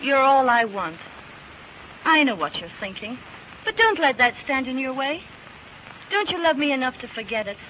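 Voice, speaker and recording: A woman's voice: high voice, sing-song, normal speed, long pauses, pushed and bright, heavily acted. An actress playing a spoiled, eager young rich woman in a 1930s film, coaxing and playful. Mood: pleading. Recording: noisy old film soundtrack.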